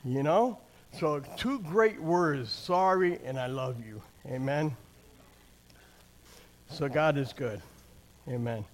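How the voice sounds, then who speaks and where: A man's voice: fairly high pitch, slow, long pauses. An older man giving a conversational sermon and personal testimony, plain-spoken, often checking in with the congregation and restarting his phrases. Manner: keeps asking the crowd "amen?" and "right?". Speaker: church speaker sharing testimony.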